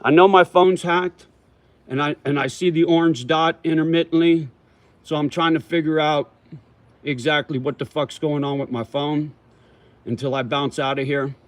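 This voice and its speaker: A man's voice: fairly high pitch, steady tone, moderate pace, no echo. A man hosting a casual livestream, answering viewer comments in a profane, slangy way and calling people homie and brother while he chews tobacco. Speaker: livestream host.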